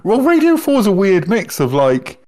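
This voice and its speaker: A man's voice: high-pitched, huge pitch swings, normal speed, a little mellow. A man with a Northern English accent, chatting casually and swearing freely, often breaking into laughter. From Northern England. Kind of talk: casual chat.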